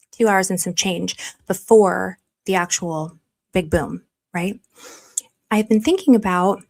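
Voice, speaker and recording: A woman's voice: medium pitch, darkish tone. Chatty woman hosting a livestream. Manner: chatty and effusive, often thanking viewers; hesitant with frequent fillers while reasoning. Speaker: livestream host. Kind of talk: live-streamed investigative commentary.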